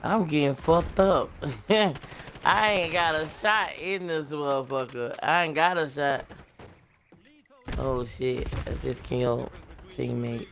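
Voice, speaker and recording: A man's voice: a little high, slow pace, gravelly, fairly bright tone, slight background noise. A man chats casually and profanely with his gaming partner during a match. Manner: profane, laid-back banter. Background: video game gunfire.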